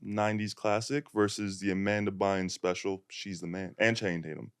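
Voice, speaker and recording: A laid-back young man hosts a casual podcast chat, his voice low-pitched and smooth. He laughs easily and talks in loose, relaxed runs. The sound is dry and close. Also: normal speed, no echo. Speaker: podcast host.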